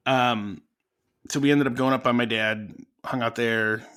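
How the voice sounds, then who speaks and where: A man's voice: medium pitch, steady tone, unhurried, a bit bright, smooth. A man in his thirties co-hosting a podcast, telling a family story in a laid-back way with fillers. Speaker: podcast co-host. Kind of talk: casual chat.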